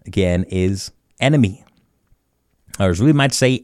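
Chuckling male radio host, lively pitch. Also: dry recording, studio quality. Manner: chuckles often, slow deliberate word repetition. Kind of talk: community radio language segment.

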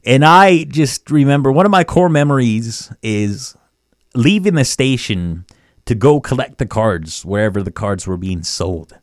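A man teaching phrases of a language on a radio show, repeating each word slowly and chuckling between examples. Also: mid-range voice, expressive, dry recording, clean studio sound. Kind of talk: casual language lesson.

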